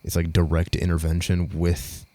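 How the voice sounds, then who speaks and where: A man's voice: sits low, completely flat delivery, moderate pace, dark tone, no room sound. A young man co-hosting a podcast, telling a story in casual chat, rambling, swearing a lot and laughing as he goes. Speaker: podcast co-host.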